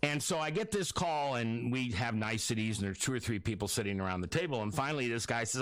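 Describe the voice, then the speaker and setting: This radio host, promoting his book, has a mid-range, fairly bright voice with lively intonation, a quick pace, and few pauses, recorded with no room sound. He spins a long, meandering personal tale in casual chat, breaking off to restart and acting out other people's remarks to him.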